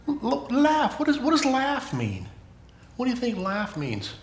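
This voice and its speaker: A man leading a children's sermon in church, playful and animated, asking the kids questions. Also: very high voice, measured pace, reverberant, slight background noise. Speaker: children's pastor.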